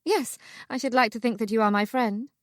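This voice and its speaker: A woman voicing a spirited young lady who is bold and eager, asking quick questions in an audiobook. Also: a little high, no echo, studio quality, natural voice. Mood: playful.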